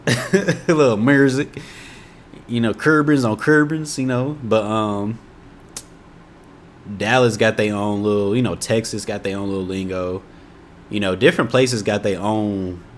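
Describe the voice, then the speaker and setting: A man's voice: fairly low pitch, a little hiss or hum. A young man from Indiana with an Indiana accent, chatting casually to camera in a laid-back, rambling way. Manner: laid-back, rambling, often says "you know what I'm saying". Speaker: YouTuber reacting to a video. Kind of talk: casual storytelling and chat.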